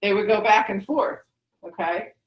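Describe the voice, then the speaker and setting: A woman's voice: mid-range voice, moderate pace. A woman teacher walking a class through a play, chatty and full of restarts, asking the students questions. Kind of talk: classroom lesson, explaining a play. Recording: echoey classroom.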